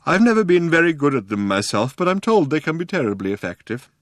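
A weary old alien planet-builder, as a male audiobook narrator puts him on, drawn-out and grave, pitched well above the reader's own low voice. He sounds wistful and stern. The reading is close and dry. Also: very animated, no room sound.

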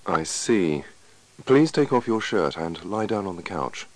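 A man voicing a steady, no-nonsense doctor who gives advice firmly and with reassurance. His low voice is a little louder and more forceful than his narration, with lively ups and downs, in a scripted lesson dialogue. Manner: firm, reassuring, measured. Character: calm, firm male doctor giving advice. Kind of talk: scripted dialogue reading for learners.

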